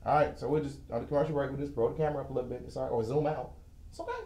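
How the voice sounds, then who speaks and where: A man's voice: medium pitch, fairly even intonation, racing, warm tone. A man hosting a live-streamed finance lesson from a studio with a whiteboard, talking in a casual, joking, chatty way. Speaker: host and financial educator. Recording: echoey room.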